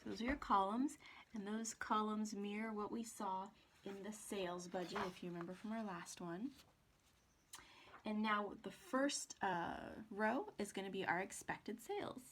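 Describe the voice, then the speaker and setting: A woman's voice: medium pitch, measured pace, a bit bright. A woman professor giving a recorded accounting lecture in a chatty way, asking rhetorical questions and muttering to herself while she writes.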